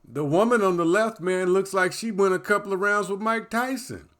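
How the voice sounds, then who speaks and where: A man giving casual reaction commentary, rambling, repeating "man" and restarting phrases, swinging from loud animated bursts down to low muttering. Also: normal speed. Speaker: commentary vlogger.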